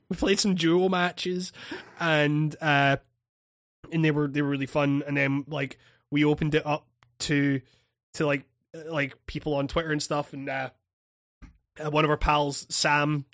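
A man's voice: fairly high pitch, a bit bright. A man in a casual chat, telling a story with lots of laughter, swearing and restarts.

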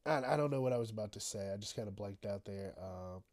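A man's voice: fairly low pitch, quick pace, a little mellow. A man hosting a casual solo news podcast, rambling and swearing, often trailing off into mumbles. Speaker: podcast host.

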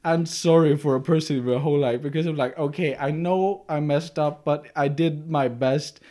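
A man's voice: a little high, moderate pace, mellow. A man co-hosting a podcast, telling a story in casual chat with many restarts and fillers. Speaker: podcast co-host.

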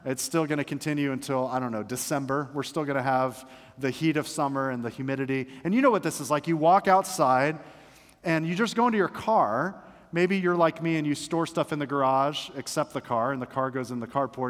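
Preaching man in a reverberant church. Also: a little high. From Florida, United States. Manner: conversational, dramatic reading of scripture. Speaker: pastor. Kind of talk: sermon. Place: church sanctuary. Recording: long hall reverb in a church.

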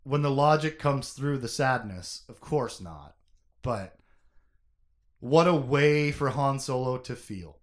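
A man's voice: medium pitch, animated, takes it slowly. A young man co-hosting a podcast, chatting casually about a novel in an emotive, conversational way with plenty of fillers and laughter.

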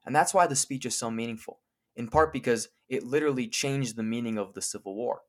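A man co-hosting a podcast, explaining a famous speech in a clear, lecturing way and slowing down to quote lines from it. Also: mid-range voice. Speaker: podcast co-host.

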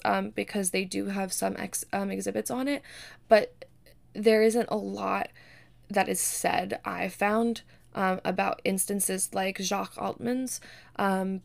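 A young woman hosts her own podcast and talks alone into the mic. Her voice has a gravelly, fry-laden edge at a middle pitch. She speaks earnestly and keeps stopping on ums and self-corrections. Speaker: podcast host. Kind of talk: solo podcast narration.

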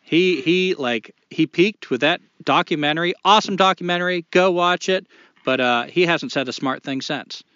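A man's voice: a little high, moderate pace, bright, forceful tone, smooth, dry recording, dull audio. A man co-hosting a podcast in casual chat, blunt and opinionated, swearing freely. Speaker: podcast co-host.

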